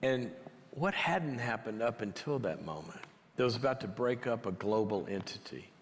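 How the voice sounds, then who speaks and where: A man gives a teaching talk in a conversational storytelling way, his voice sitting somewhat low. He talks into a large hall that carries a long reverb behind him. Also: lively intonation, normal speed, slight background noise. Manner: conversational, drops to a near whisper for quiet moments.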